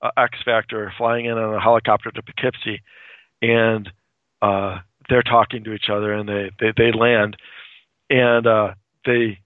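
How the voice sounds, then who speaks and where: A man's voice: on the low side, flat delivery, moderate pace, dry recording. Rambling man on a tinny phone line. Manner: rambling, many fillers and restarts, laughs often. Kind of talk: casual comic recap.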